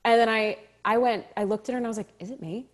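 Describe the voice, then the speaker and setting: Speaking on the high side, an actress guesting on an interview recounts a story with lots of animation, laughing readily and performing the lines she quotes.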